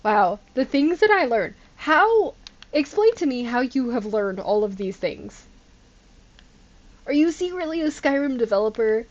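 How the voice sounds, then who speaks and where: A woman streams a game live and chats through it, sliding into exasperated, laughing disbelief. Her voice sits a bit high. The audio is slightly dull and lo-fi. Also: very animated, moderate pace, darkish tone. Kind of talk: casual live gameplay commentary.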